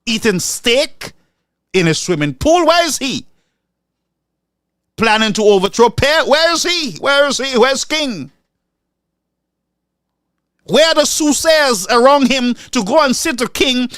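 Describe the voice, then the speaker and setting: A man's voice: extremely high pitch, big pitch swings, unhurried, a bit bright, no room sound, studio quality. A man giving angry, impassioned political commentary, ranting and firing rhetorical questions.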